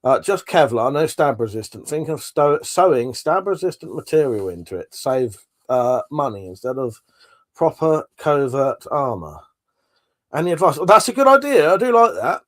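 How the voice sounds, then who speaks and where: A man's voice: on the high side, sing-song, moderate pace. A man hosting a livestream, chatting casually and rambling as he reads out comments, swearing now and then. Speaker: livestream host. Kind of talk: casual chat reading out live comments.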